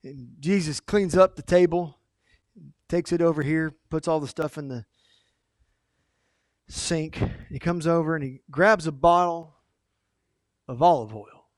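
A male pastor preaching a sermon in an animated, emphatic storytelling way. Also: a little high, a little slow, pauses often, no echo, clean studio sound.

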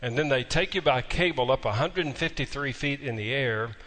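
A man's voice: medium pitch, normal speed, pushed and bright. Pastor, male, folksy storytelling turning emphatic, long hall reverb. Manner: storytelling with humor, then emphatic preaching. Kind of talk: sermon.

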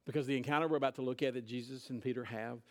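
A man's voice: medium pitch, fairly even intonation, very fast. A man preaching a sermon, retelling a scripture story in casual, conversational words. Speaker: pastor.

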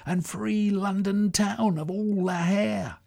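A man's voice: high-pitched, steady tone, slow pace, gravelly, darkish tone, soft background music, pitched above the performer's own voice, full character voice. A man doing an urgent young messenger. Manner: urgent, announcing. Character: breathless young male messenger.

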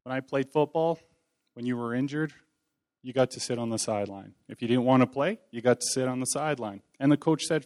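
A man speaking to a congregation in a relaxed, chatty way, as if talking with friends. His pitch sits in an ordinary middle range. He mixes gentle humor about himself into his preaching, and it comes across as unpolished and sincere. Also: brisk. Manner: conversational, folksy, self-deprecating humor. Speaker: lay preacher. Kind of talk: informal sermon.

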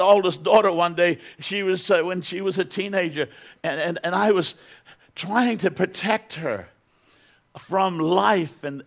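A man's voice: high voice, creaky, a bit bright. A middle-aged man preaching a sermon as pastor in a church, building to emphatic bursts and repeating words as he goes.

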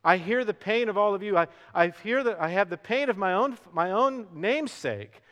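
A middle-aged male pastor preaching a sermon, swinging from hushed to loud and stretching out words for emphasis. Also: high-pitched, expressive, moderate pace. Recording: long hall reverb.

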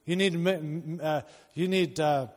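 A male pastor preaching a sermon to his church, urging loudly at times and dropping to quiet intensity at others. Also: a little high, fairly even intonation, unhurried. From outside the United States. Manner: impassioned, swings between loud urging and quiet intensity. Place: church hall. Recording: long reverb of a large hall.

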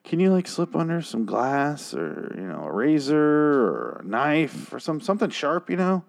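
A bitter, despairing young woman pleads sarcastically in a raised, mocking voice, as a man mimics her while recapping a show. The impression is quick and offhand. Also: on the high side, sing-song, gravelly, voice pushed up. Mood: bitter pleading.

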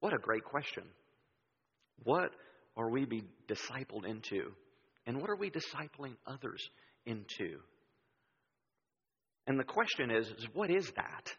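A man preaching a sermon in a church, telling stories in an animated way and acting out the voices he quotes. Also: mid-range voice, unhurried, pauses often, slightly rough. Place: church sanctuary. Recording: dull sound with long hall reverb.

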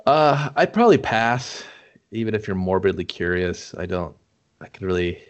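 Deep-voiced laid-back man. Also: lively intonation, normal speed, lo-fi sound. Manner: laid-back, profane, laughs often. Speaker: podcast co-host. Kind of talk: casual chat.

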